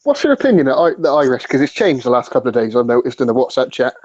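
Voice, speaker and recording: A man co-hosting a podcast, calm and steering the chat along. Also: medium pitch, very fast, no room sound, dull audio. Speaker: podcast co-host. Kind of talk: casual chat.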